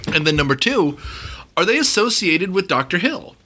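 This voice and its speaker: Animated sarcastic man reviewing a movie. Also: sits high, normal speed. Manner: animated, rambling, sarcastic, frequent restarts. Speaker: podcast host. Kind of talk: casual movie-review podcast chat.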